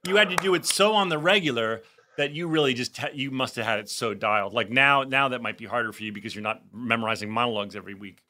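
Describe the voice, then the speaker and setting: Bright-voiced man telling rambling anecdotes. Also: mid-range voice, fast. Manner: chatty, rambling anecdotes with many restarts. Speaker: podcast co-host, actor. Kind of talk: casual chat.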